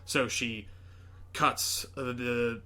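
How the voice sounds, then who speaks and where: A man hosting a podcast, chatting casually and excitedly retelling a movie with lots of fillers. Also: medium pitch, extremely slow, a little hiss or hum. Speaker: podcast host. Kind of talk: casual chat.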